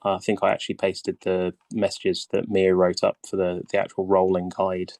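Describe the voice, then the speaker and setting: A man's voice: sits low, completely flat delivery, normal speed, a little mellow, dry recording. A man hosting a casual voice-chat guide session, talking hesitantly with many ums, his voice tiring. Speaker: game guide host.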